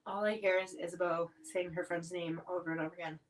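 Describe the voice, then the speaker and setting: Chatty woman clearing her throat, a little off-mic. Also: on the low side, flat delivery, fast, far from the mic. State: coughing from spicy food. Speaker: livestream host reviewing spicy snacks. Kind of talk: casual livestream chat. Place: home.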